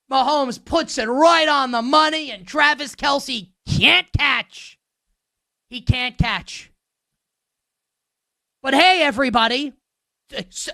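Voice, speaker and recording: High, animated ranting sports host man. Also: no room sound, clean studio sound. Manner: sarcastic, ranting; emphatic repetition. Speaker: sports betting show host. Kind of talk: heated sports commentary.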